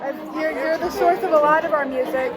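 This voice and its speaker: A woman's voice: high voice, fairly quick, over loud music, a loud crowd. A young adult woman vlogging in casual chat, giggly and teasing, with people chattering around her.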